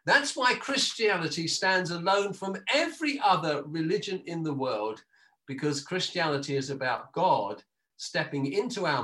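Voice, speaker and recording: Pastor guy preaching over a video call, slows down to stress stuff, high bright voice. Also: animated, low-quality recording.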